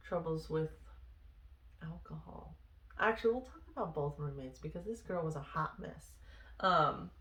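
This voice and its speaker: Woman, ex-Marine vlogger; candid, exasperated storyteller with a sharp bright tone, roomy echo. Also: on the low side. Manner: candid, exasperated, swears freely. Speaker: former Marine telling service stories. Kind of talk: casual storytelling vlog.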